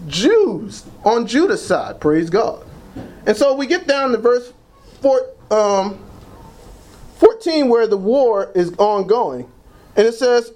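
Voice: medium pitch, expressive, takes it slowly, darkish tone. A preacher giving an emphatic sermon that leads the congregation in call-and-response. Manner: emphatic, repeats phrases, frequent "praise God".

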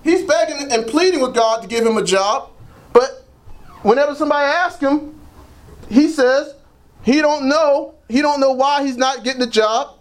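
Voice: sits high, moderate pace. A preacher giving an emphatic sermon that leads the congregation in call-and-response. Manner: emphatic, repeats phrases, frequent "praise God".

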